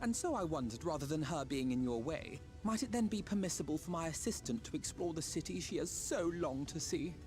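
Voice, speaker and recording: A courteous young scholar makes his requests in formal, courtly language, voiced by an actor for a game. His fairly high voice moves lively through each line, with soft game music behind him. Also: fairly quick, hardly any pauses, natural voice. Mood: earnest.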